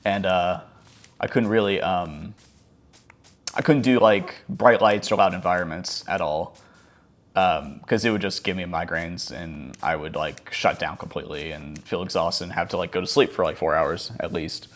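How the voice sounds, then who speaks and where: A man's voice: low voice, normal speed. A man telling a casual story over gameplay, rambling along with many fillers like "like" and "um". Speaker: gaming channel host.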